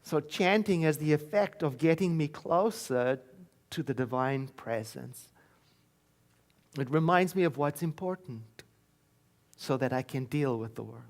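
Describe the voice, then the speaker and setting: A man from South Africa giving a sermon in a church, telling a personal story in a conversational way and slowing into soft, chanted affirmations. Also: fairly high pitch. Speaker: minister. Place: church sanctuary.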